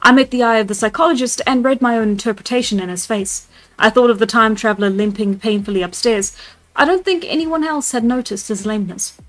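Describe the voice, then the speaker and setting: Over soft background music, a woman with a medium-pitched voice streams a live reading of a classic novel. As a storyteller, she breaks off now and then to laugh at the voices she picks.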